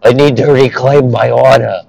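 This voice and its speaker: A man's voice: mid-range voice, fairly even intonation, moderate pace, gravelly, a little mellow, slight background noise, voice pushed up, lightly acted, low-quality recording. Man putting on a brash, honor-obsessed young prince with a Brooklyn accent, urgent and whiny.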